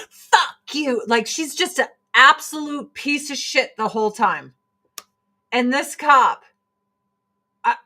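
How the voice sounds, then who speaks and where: Bright-voiced woman ranting on a livestream. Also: a little high. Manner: profane, animated, mocking voices in quotes. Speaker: livestream host selling products. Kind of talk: casual livestream rant.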